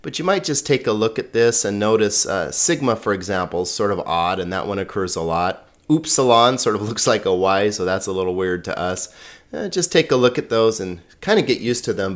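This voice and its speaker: A middle-aged man giving a recorded lesson, explaining slides in a relaxed way with plain words and small jokes. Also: on the low side, moderate pace. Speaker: Greek teacher.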